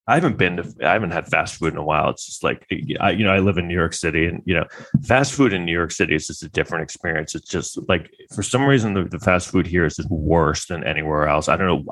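A vlogger offers casual, rambling commentary on a trial in a low, slightly bright male voice. He is sarcastic and incredulous, leaning heavily on filler words as he rambles.

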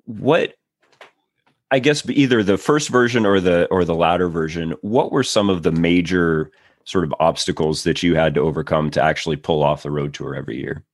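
A male interviewer asks measured, thoughtful questions in a very deep voice. The sound is dry and close, with no room in it. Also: no echo.

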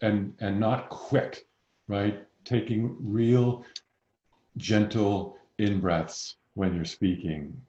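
A man working as a voice coach, calmly explaining breathing and resonance with slow, measured pauses. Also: lowish voice, roomy sound, lo-fi sound. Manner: calm, explains slowly with pauses. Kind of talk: expert advice in a conversation.

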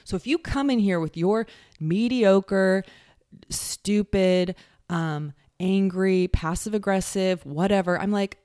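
A woman's voice: medium pitch, unhurried, darkish tone, no echo, clean studio sound. A woman hosting a casual solo podcast, talking bluntly with swearing and mocking sing-song impressions of other people. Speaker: podcast host.

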